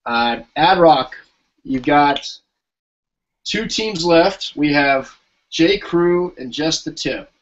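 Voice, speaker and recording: A man's voice: a little high, lively intonation, takes it slowly. Podcast host, man, chatty, reads out team lists, dull lo-fi audio. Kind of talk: casual podcast chat.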